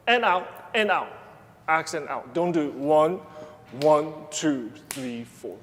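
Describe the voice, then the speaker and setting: A man's voice: on the high side, lively intonation, slow, a bit bright. A man teaching a ballet class, counting beats aloud and calling out cues between short explanations. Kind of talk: live dance class instruction. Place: large dance studio. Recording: echoey studio, piano music behind.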